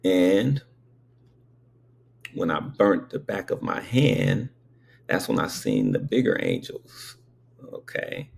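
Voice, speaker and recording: A man's voice: low-pitched, huge pitch swings, takes it slowly, vocal fry, pauses often, a little hiss or hum. A man in his fifties telling childhood memories in a meandering, conversational way, with frequent asides to the listener. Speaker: storyteller. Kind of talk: casual spoken recollection.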